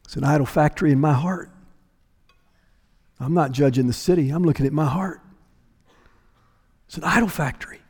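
A man's voice: a little high, moderate pace, long pauses, a little mellow, husky, in a large hall. A male pastor preaching a sermon with an emphatic, repetitive cadence.

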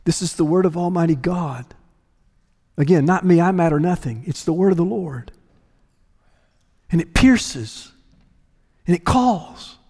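A man with a high, light voice preaching a sermon, driving home his points with emphatic repetition. His words ring out with a long hall reverb, as in a large church sanctuary. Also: lively intonation, measured pace, pauses often, mellow. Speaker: pastor.

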